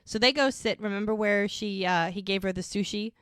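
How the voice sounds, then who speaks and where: A woman's voice: medium pitch, brisk, smooth, dry recording, studio quality. A woman co-hosting a podcast, casually recapping a TV episode and acting out the characters' lines. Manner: animated retelling, quoting characters' lines. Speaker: podcast co-host.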